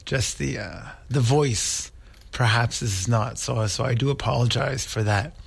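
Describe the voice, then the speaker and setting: A man hosting a radio show while hoarse from a sore throat, talking earnestly and rambling with many restarts. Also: medium pitch, a little slow. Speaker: radio host.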